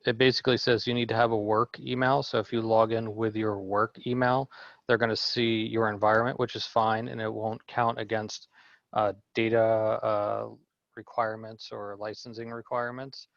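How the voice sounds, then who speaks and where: A man's voice: lowish voice, flat delivery, normal speed, gravelly, a bit bright, no room sound, highs cut off. A man attending a presentation asks a question and adds a comment, hesitant, with fillers.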